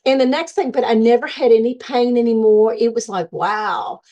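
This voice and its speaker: Middle-aged woman, mellow tone, earnest testimony, acts out her own past thoughts. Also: a little high, brisk, muffled recording. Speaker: near-death experience guest. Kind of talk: personal testimony.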